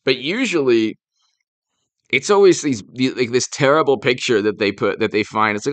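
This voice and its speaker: A man's voice: mid-range voice, animated, normal speed, fairly bright tone, no echo. A man doing a casual political live stream, rambling and sarcastic, stopping to thank viewers who send donations. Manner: rambling, sarcastic, thanks super chat donors mid-talk.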